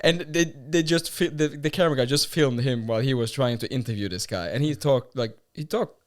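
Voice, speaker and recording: Laughing man co-hosting a podcast chat, mid pitch, lots of fillers. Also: fairly quick. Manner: chatty, laughs often, many fillers. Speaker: podcast co-host. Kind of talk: casual chat.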